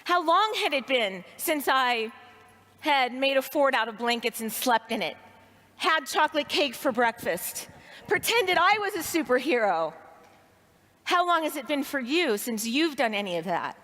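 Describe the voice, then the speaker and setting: High-voiced woman telling a story in a hall. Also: measured pace. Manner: expressive storytelling, acts out her inner voice. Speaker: speaker at a leadership training event. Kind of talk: personal story speech to an audience. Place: large hall with audience. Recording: reverberant hall sound.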